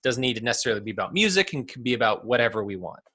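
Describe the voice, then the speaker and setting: Jokey New Jersey podcast host, thirties, bright tone, mid pitch. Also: male voice, very animated, racing, husky. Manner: jokey, laughs a lot, drops into goofy voices. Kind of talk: casual podcast chat.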